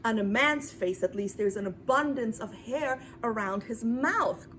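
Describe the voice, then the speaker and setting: A woman from New York giving a lecture to a women's class, dramatic, swinging between loud emphasis and near whispers, repeating words for emphasis. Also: fairly high pitch, unhurried, slight background noise. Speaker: Torah lecturer.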